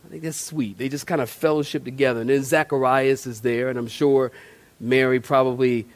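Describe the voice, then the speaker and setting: A man's voice: medium pitch, steady tone, a little fast. A man, a pastor preaching a sermon in a church, folksy and conversational with playful asides. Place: church sanctuary.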